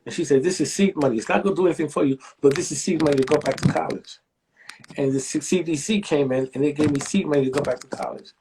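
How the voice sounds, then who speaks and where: A man's voice: quick pace, vocal fry, noisy background. A man in his sixties, a library director, telling stories in an interview and acting out the voices of the people he quotes. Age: 60s. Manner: animated storyteller, acts out quoted voices with big pitch jumps. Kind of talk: storytelling interview.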